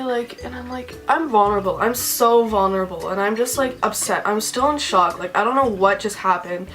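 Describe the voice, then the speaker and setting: A woman's voice: fairly high pitch, moderate pace, a bit bright, faint music behind. A young woman telling a personal story in a casual, emotional way, packing her sentences with "like.". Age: young adult. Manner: says "like" constantly, chatty and emotional. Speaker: vlogger.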